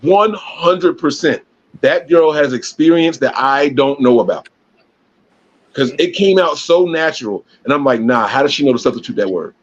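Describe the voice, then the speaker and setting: A man's voice: mid-range voice, lively intonation, moderate pace. Man telling stories on a lo-fi podcast. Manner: rambling storyteller with many restarts. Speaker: podcast co-host. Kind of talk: casual podcast chat. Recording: dull lo-fi sound.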